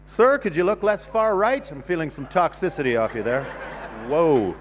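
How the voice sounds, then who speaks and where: Guy doing standup on a cinema stage, kinda high voice, rambles, mocks himself, goes loud then mumbly. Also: very animated, normal speed, in a large hall, slight background noise. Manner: rambling, self-deprecating, swings from loud bursts to mumbling. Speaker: stand-up comedian. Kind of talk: stand-up comedy set. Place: cinema stage before a live audience.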